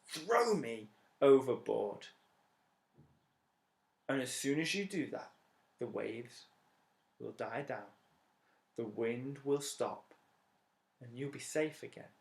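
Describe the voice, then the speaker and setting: A man voicing a worried male prophet, speaking softly and earnestly. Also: medium pitch, animated, takes it slowly, gravelly, long pauses, voice pushed down. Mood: solemn. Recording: roomy echo.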